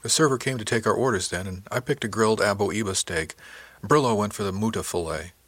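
A man giving a measured, even first-person audiobook narration. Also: lowish voice, no room sound.

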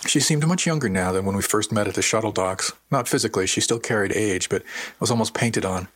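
A man calmly narrating a first-person novel as an audiobook reader, with a husky voice. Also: lowish voice. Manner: calm, measured storytelling.

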